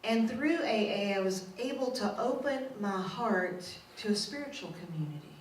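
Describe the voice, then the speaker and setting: A middle-aged woman minister shares her story from the pulpit, candid and quick to laugh at herself. Her voice sits at an everyday pitch and carries a roomy echo from a mic set some way off. A faint hiss runs underneath. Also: lively intonation, far from the mic. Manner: candid and self-mocking, laughs often. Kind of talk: personal testimony sermon. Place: church sanctuary.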